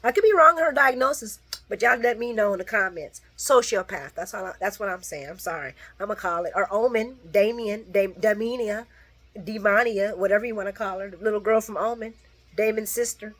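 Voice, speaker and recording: A woman's voice: a little fast, a bit bright. A woman recapping a soap opera in casual late-night chat, blunt and sassy, talking straight to her viewers and acting out characters' lines. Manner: sassy, blunt, talks to viewers as "girl" and "guys"; acts out characters' lines with big pitch jumps.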